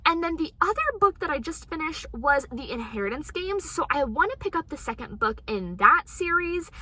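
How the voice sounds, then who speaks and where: Chatty woman with a cold. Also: high-pitched. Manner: chatty and upbeat, excited gasps. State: sick voice from a cold. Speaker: book vlogger. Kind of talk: casual vlog voiceover. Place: recorded at home after the shopping. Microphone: voiceover mic.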